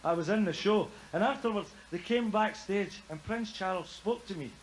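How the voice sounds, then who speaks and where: A man's voice: high voice, normal speed, a little hiss or hum, poor audio. A Scottish man doing a chatty stand-up comedy routine on stage, laughing at his own jokes. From Scotland.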